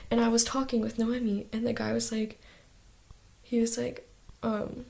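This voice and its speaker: A woman's voice: a little high, little pitch movement, moderate pace, creaky, warm tone. A teenage girl talking in a casual video diary as an exchange student, chatty and full of "like" fillers.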